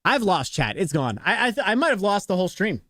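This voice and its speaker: A man streaming a game live, talking to his chat in an excitable, flustered, joking way. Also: sits high, quick pace, no room sound, clean studio sound.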